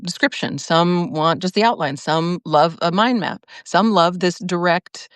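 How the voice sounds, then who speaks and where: A woman's voice: lowish voice, unhurried, no room sound. A woman hosting a casual livestream, talking in a rambling stream of consciousness with restarts and frequent laughter. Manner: many restarts and fillers. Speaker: podcast host.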